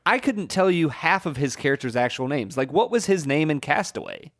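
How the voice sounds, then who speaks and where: A man's voice: fairly high pitch, huge pitch swings, fairly quick, fairly bright tone. A man co-hosting a film podcast, opinionated and joking, often restarting his sentences in casual chat. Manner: opinionated, jokey, repeats words when starting sentences. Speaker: podcast co-host.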